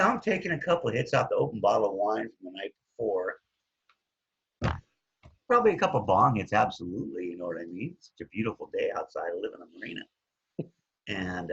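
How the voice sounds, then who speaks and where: A middle-aged man with a very husky, breathy voice tells his story in a loose, chatty way. His pitch swings up and down as he goes. The sound is dull and lo-fi. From Hawaii. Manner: animated, jumps up and down in pitch, trails off with "anyways". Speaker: guest. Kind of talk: casual storytelling.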